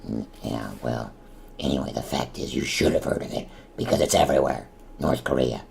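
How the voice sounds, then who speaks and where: A man voicing a hot-tempered, gruff man who grumbles and blusters in comedic gaming banter. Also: brisk, a little mellow, slight background noise, heavily acted. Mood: irritated. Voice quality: very deep, gravelly.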